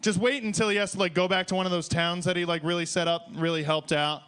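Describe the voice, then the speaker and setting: A young man from Detroit doing a profane, excitable, rambling stand-up set on stage at a small bar open mic. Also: high-pitched, fast talker, clean tone.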